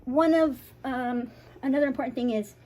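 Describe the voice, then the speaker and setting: A woman with a fairly high voice explains, step by step, how to trim a dog's nails. She talks in a chatty, reassuring way, keeps checking in with "right?", and now and then acts out a frightened dog. It sounds like an easygoing grooming lesson filmed indoors. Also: mellow, low-quality recording. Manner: playfully acts out a scared dog in quick voices. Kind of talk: casual how-to demonstration.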